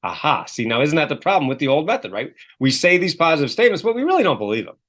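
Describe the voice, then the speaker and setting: Animated man telling stories. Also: a little high, racing. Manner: lively storyteller who acts out quoted voices. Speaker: guest, self-help author and coach. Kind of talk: animated podcast interview.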